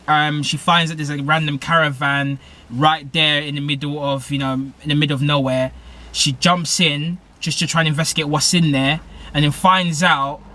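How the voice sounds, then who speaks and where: Young British guy, slightly high voice, casual rambling reviewer with lots of fillers. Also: pushed and bright. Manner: rambling, full of fillers and self-corrections. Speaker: TV show reviewer. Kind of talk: casual episode recap.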